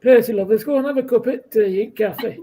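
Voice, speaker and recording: A man's voice: extremely high pitch, brisk, mellow, a little hiss or hum, voice pushed up. A man doing an impression of a fussy elderly northern man from a TV soap, calling everyone love. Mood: doting.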